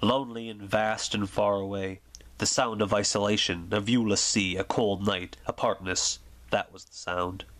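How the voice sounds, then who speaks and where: A man giving a soft, slow, soothing ASMR reading of a story for sleep. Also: fairly low pitch, fairly even intonation. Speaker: reader.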